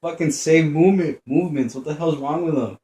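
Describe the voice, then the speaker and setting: A young man with a fairly high, dark-toned voice talks fairly quickly while commenting on a game. He's profane and jumpy, muttering to himself, and the room sounds echoey with faint background noise.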